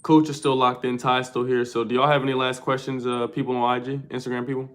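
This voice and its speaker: Young guy on a livestream, loose slangy talk right at the chat, mid-pitched voice. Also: little pitch movement, fast talker, fairly bright tone, roomy sound. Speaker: livestream host. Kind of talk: casual livestream chat with viewers.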